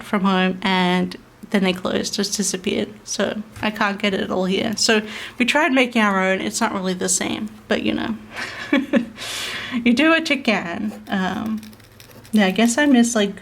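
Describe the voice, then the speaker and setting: A woman's voice: mid-range voice, fairly bright tone. A young adult woman from South Australia with an Australian accent, chatting in a rambling, casual way with many fillers and frequent small laughs. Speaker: planner vlogger. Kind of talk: casual chat over planning.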